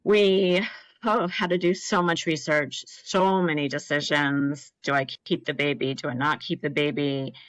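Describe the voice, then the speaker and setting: Woman in her thirties, a bit low-pitched, dry close sound; earnest storyteller who slips into quoted voices. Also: steady tone, unhurried, no room sound, rough recording. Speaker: podcast guest, cancer survivor. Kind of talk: personal storytelling in an interview.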